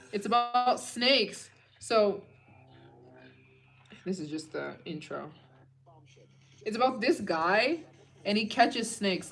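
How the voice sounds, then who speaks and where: A young woman hosting a travel fundraiser livestream late at night, tired and chatting loosely with viewers, trailing into low murmurs between bursts of excitement.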